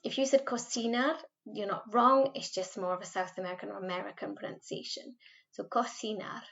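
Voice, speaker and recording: A woman with a Welsh accent teaching a recorded Spanish lesson, patiently modelling words slowly for students to repeat. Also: mid-range voice, vocal fry, a bit bright, highs cut off. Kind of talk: recorded remote language lesson.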